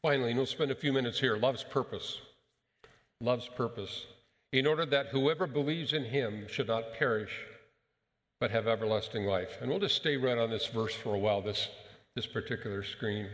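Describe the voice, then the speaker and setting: A male pastor giving a sermon, speaking in an emphatic, measured way and putting rhetorical questions to the congregation. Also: medium pitch, fairly bright tone, long reverb tail.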